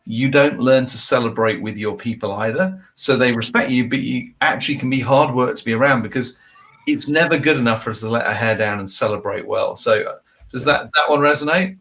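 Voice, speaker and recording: A man's voice: mid-range voice, brisk, a bit bright. A man hosting an interview show, giving thoughtful coaching advice in long, reflective sentences. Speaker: podcast host.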